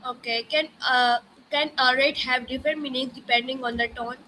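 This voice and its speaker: A woman student reads out her interview questions haltingly, pausing and restarting. Her voice is high and bright, with faint background noise behind it. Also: fairly even intonation, low-quality recording. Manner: halting, hesitant delivery. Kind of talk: reading prepared questions.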